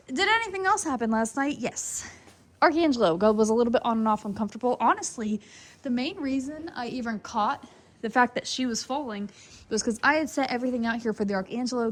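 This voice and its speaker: A woman in a barn at night, chatting casually and rambling as she talks to her horses and viewers. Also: fairly high pitch. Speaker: horse breeding farm foaling attendant. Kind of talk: casual vlog chat.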